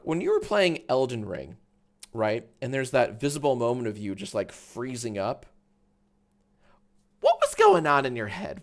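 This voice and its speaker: A man's voice: mid-range voice, fairly bright tone. Rambling, profane male streamer. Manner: rambling and profane, reads chat aloud. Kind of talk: casual live-stream chat.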